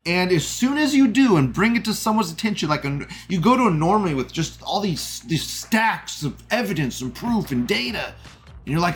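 A man's voice: high-pitched, sing-song, normal speed, soft background music. A man hosting a livestream, ranting crudely in a sneering tone and laughing at his own jokes. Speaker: host. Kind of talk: livestream commentary rant.

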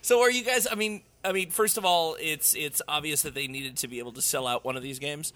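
A man's voice: fairly high pitch, fairly quick. A man hosting a casual sports podcast, talking loosely with plenty of fillers. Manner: relaxed, many fillers and restarts. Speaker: podcast host.

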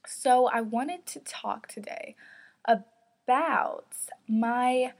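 A woman's voice: a little high, extremely slow. A teenage girl hosting her own podcast, talking casually and openly, laughing often and filling her talk with likes and ums. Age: teens. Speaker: podcast host. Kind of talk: casual solo podcast chat.

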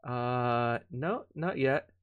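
A man co-hosting a live stream, chatting casually in a jokey, animated way. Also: medium pitch, clean tone, no room sound, narrow, tinny audio. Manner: jokey, animated, quick to laugh. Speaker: stream co-host. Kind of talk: casual chat.

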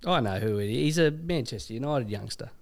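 A man's voice: mid-range voice, expressive, fairly quick. A man co-hosting a casual podcast, joking and chuckling often. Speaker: co-host.

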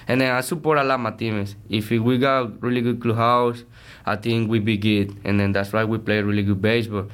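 Young guy talking ballplayer stuff in broken english, smooth clear voice, upbeat and sincere. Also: fairly low pitch, fairly quick. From Venezuela. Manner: earnest, energetic, broken English. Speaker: baseball player, interview guest. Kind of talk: casual interview chat.

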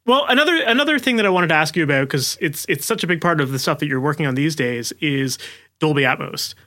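A man's voice: on the high side, lively intonation, fast talker, sharp tone. A man hosting a podcast, asking long, chatty questions full of "like" and "you know". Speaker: podcast host. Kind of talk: interview questions, casual.

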